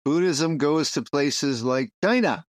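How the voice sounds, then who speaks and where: A lively New man hosts a casual podcast, swinging his fairly high voice up and down as he jokes and explains. The sound is dry and close to the mic. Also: slow, dry recording. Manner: animated, jokey storyteller. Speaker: podcast host and Zen teacher.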